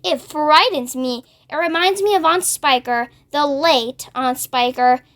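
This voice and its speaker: A woman reading aloud plays a prim, dramatic spider lady. She recounts her story theatrically, in a high, light voice. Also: a little slow, a bit bright.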